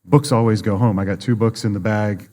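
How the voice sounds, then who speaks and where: A man's voice: lowish voice, fairly even intonation, brisk, warm tone. A man guesting on a podcast, explaining publishing in a conversational way and acting out the people in his stories. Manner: storytelling, acts out quoted dialogue. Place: conference venue.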